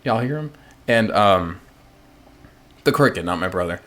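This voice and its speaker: This let's play streamer has a low, expressive, fairly bright voice and an unhurried pace. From his home office he chats casually about the video game he's playing, playful and rambling with jokey asides, while faint game music sits behind him.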